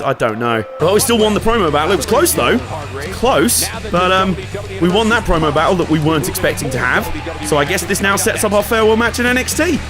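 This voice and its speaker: A man giving chatty, sweary commentary over a wrestling video game. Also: high-pitched. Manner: chatty, sweary, self-mocking. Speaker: let's play host. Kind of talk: casual gameplay commentary.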